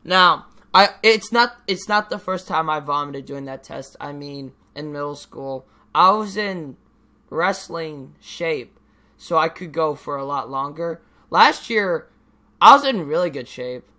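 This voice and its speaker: A man's voice: on the high side, expressive, measured pace, bright, forceful tone. A teenage boy vlogging in a casual, rambling way, ranting and swearing freely with lots of fillers. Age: teens.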